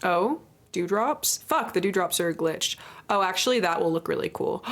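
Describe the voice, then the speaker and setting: Bubbly woman streamer, playful baby talk. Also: normal speed. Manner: squeals up high when excited. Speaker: livestreamer. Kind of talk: casual gameplay chat.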